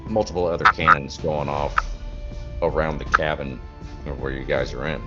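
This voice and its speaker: A man narrating as game master of a tabletop game, animated and acting out sounds. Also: a bass voice, moderate pace, dull audio, over loud music. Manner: animated, acts out sounds and characters.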